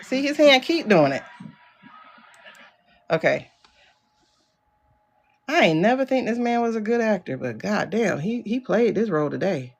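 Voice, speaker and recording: Woman streamer, AAVE, incredulous running commentary, voice swings high and low. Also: big pitch swings, measured pace, gravelly, pauses often. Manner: incredulous, talks back at the screen. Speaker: livestream host. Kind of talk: casual livestream commentary.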